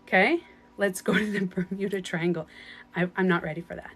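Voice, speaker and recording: A woman's voice: lowish voice, fairly even intonation, a little fast, breathy edge. A woman with a light French accent, talking casually on a live stream as a spiritual coach, chatty and rambling, often laughing. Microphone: phone.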